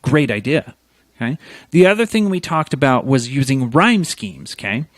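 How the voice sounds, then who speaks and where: A man's voice: medium pitch, sing-song, normal speed, dry recording. A man co-hosting a casual podcast, explaining meter and rhyme in a teacherly way and checking in with "okay?" after his points. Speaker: podcast co-host. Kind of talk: casual podcast chat, explaining lyric theory.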